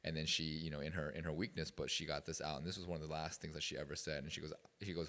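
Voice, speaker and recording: Very deep-voiced fast-talking man. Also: level tone, fairly bright tone, long reverb tail. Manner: rambling, storytelling, many fillers. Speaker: guest speaker at youth retreat. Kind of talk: casual talk to a youth group. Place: retreat meeting room.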